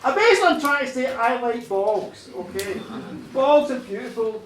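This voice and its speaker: Chatty Irish storyteller, animated delivery. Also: mid-range voice, moderate pace, a little hiss or hum. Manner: chatty, conversational, laughs at own jokes. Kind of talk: live storytelling. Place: bar stage, live show. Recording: roomy live bar, distant mic.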